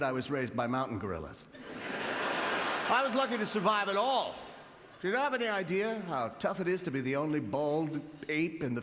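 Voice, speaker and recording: Man doing stand-up in a roomy hall. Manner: deadpan with sudden high-pitched outbursts. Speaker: comedy show host. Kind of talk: stand-up comedy. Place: comedy club stage. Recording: roomy hall with audience noise.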